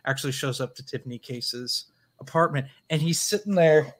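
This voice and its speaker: A man co-hosting a casual film review chat, blunt and quick to call scenes dumb. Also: medium pitch. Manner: blunt, dismissive quips. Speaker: podcast co-host.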